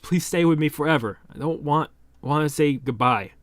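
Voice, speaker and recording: A man's voice: on the high side, normal speed, no echo, close to an everyday voice. A man voicing a scared young boy shogun who pleads tearfully with his friends not to leave. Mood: pleading tearful.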